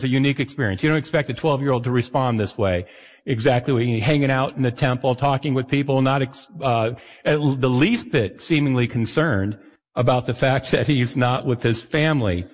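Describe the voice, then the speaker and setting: Man, pastor, sermon, conversational, middle pitch, long hall reverb. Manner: conversational, acts out quoted voices.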